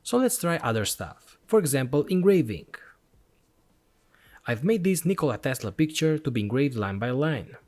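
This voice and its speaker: A man's voice: mid-range voice, sing-song, moderate pace, darkish tone. A man hosting an electronics channel, narrating a product review voice-over in an enthusiastic, step-by-step explanatory way.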